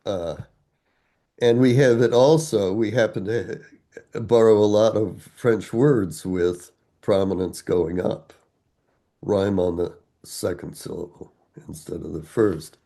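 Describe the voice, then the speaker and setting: An older man being interviewed as an author, explaining his work in a deliberate way with frequent fillers. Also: fairly low pitch, gravelly, warm tone. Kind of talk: explaining and reciting verse.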